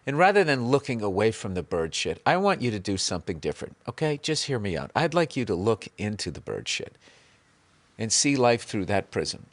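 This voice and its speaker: A man's voice: lowish voice, big pitch swings, a little fast, no room sound. A man parodying a greedy self-help guru author in a mock-sincere, preachy voice.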